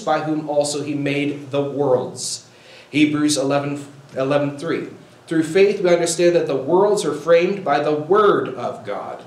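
A man's voice: on the high side, roomy sound, poor audio. A male pastor preaching a sermon, quoting scripture with rising fervor.

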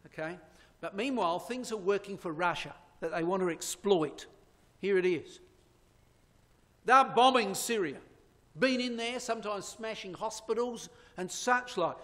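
A man with a fairly high voice delivers an emphatic sermon-style lecture, pointing out slides and throwing rhetorical questions at his listeners. His voice rings with a long reverb that fills the hall. It sounds like a church hall. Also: unhurried, a bit bright. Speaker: Bible prophecy lecturer.

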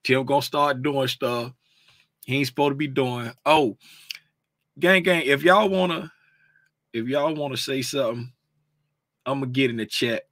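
A man's voice: mid-range voice, a little slow, long pauses, a bit bright, no echo. A man in a casual livestream, talking loosely to his viewers about trading, easily sidetracked. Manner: loose, distractible, talks straight to chat. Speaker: trading educator.

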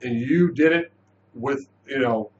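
Guy rambling thru a tv episode review, mid pitch, keeps restarting, kinda dull muffled sound. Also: a little slow. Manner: animated, loose and chatty with frequent restarts. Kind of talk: casual spoken review.

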